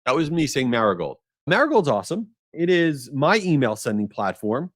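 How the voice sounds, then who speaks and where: A man hosting a solo podcast, talking energetically in a jokey, animated way with strong opinions. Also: a little high, moderate pace, no room sound, studio quality. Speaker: podcast host.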